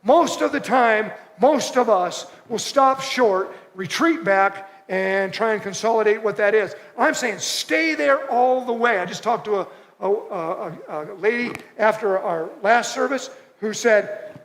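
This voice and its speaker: A pastor with a high, fairly bright voice preaches a sermon at a measured pace with lively intonation. His delivery is conversational, hammering points home by repeating short phrases, and the church auditorium adds a long hall reverb.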